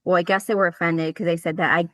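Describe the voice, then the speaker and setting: A woman's voice: on the low side, steady tone, quick pace, pushed and bright, dry recording. Storytelling woman, dry close sound. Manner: storytelling, acting out dialogue, casual swearing. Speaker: podcast co-host. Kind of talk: casual chat.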